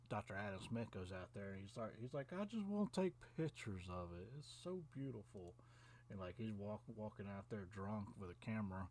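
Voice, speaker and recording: A man who reviews films, recapping a movie in a rambling, casual way with lots of fillers and chuckles. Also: lowish voice. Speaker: film reviewer.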